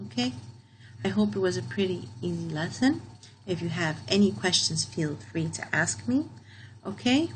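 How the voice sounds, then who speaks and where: A woman teacher explaining a grammar lesson in a patient, step-by-step way, reading each example sentence slowly and then repeating it. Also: fairly low pitch, lively intonation, background noise.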